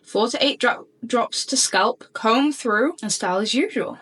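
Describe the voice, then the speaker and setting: A young woman vlogger talks straight to her viewers in a casual unboxing chat. Her voice sits a little high, and she gushes with excitement in quick, eager bursts. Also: husky. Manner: gushing, excitable, fast bursts of chatter. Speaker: beauty vlogger.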